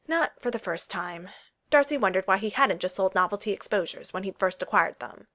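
A woman narrating a romance story as an audiobook, in a steady, even storytelling manner. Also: medium pitch, fairly quick.

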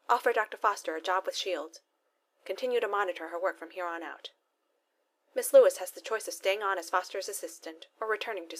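Woman reading a businesslike male agent, measured and calm. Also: lowish voice, natural voice. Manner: measured and matter-of-fact. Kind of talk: audiobook reading of fan fiction.

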